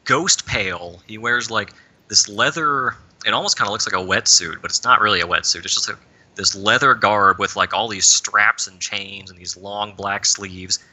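A man's voice: lowish voice, normal speed, sharp tone, poor audio. A man on a podcast telling a long, rambling story in casual chat, peppering his speech with "like.". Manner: rambling storyteller, leans heavily on "like". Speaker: podcast panelist.

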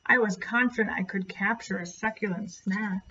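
A woman's voice: mid-range voice, fairly even intonation, normal speed, sharp tone, lo-fi sound, a little hiss or hum, natural voice. A woman voicing a greedy, sly male crow with a screechy, gloating manner.

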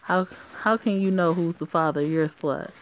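A woman reading the lines of a cold, pushy young boyfriend in a flat, barely changed voice. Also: fairly low pitch, normal speed, lightly acted, poor audio.

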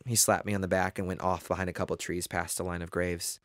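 A man narrating a first-person horror audiobook in an expressive, dramatic way. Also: sits low, fast talker, no room sound, clean studio sound.

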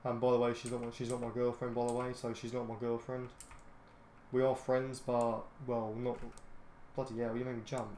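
A man's voice: mid-range voice, monotone, normal speed, a little mellow, a little hiss or hum. A British man hosting a gaming channel, giving casual gameplay commentary full of ums and restarts, easily irritated and grumbling. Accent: British English. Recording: roomy echoey home recording.

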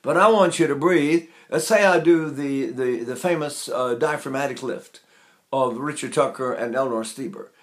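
A man's voice: mid-range voice, normal speed. A man in his eighties, a voice teacher, chatting casually as he demonstrates breathing exercises and talks while holding his breath. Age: 80s.

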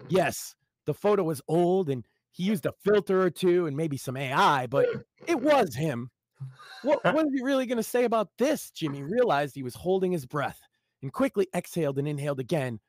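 A man's voice: on the high side, dry recording. A man reading his own short story aloud live on a stream, in a dramatic, wry storytelling manner.

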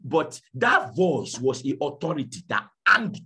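A man preaching a sermon, telling a story dramatically and swinging from hushed to shouting. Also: mid-range voice, very animated, measured pace, few pauses. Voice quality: very husky. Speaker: pastor.

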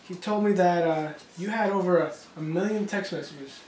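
A young man playing a therapist in a student short film, talking in a halting way with many ums, recorded far off in an echoey, noisy room. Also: high voice, a little mellow. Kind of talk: amateur short film acting.

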